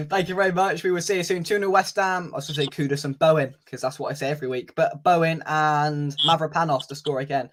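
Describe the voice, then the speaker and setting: A man's voice: a little high, fairly even intonation, fairly quick, fairly bright tone. A man hosting a casual fan live stream, chatting, reading out viewer comments and laughing easily. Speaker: fan channel host.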